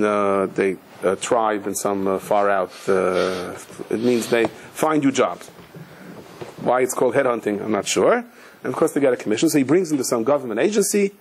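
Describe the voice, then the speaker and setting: A man's voice: medium pitch, slight background noise. A man, a rabbi, giving a sermon as he tells a story, mixing Hebrew and Yiddish terms into his talk and often restarting his sentences.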